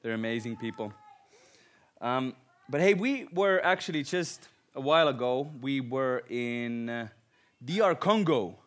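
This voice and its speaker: In a medium-pitched voice, a little slow, a man from Finland with a Finnish accent shares personal stories as a guest preacher. He is self-deprecating and animated, laughing often.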